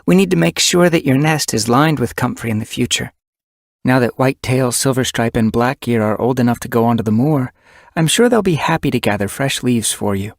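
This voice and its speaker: A man's voice: medium pitch, a little fast, gravelly, dry recording, clean studio sound, pitched above the performer's own voice, natural voice. Mothflight, a man voicing a caring she-cat healer. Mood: gentle. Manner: urgent, sharp when scolding. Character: caring female medicine cat, anxious mother. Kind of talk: audiobook character voice.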